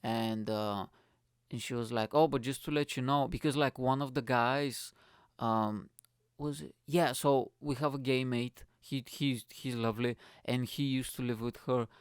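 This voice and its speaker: A young man, a comedian hosting his own podcast, telling a story in a rambling, swearing way and acting out his friends' lines in higher voices. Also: fairly even intonation, measured pace, clean tone, dry recording, studio quality. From not from the UK, moved there at 21. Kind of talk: casual storytelling monologue.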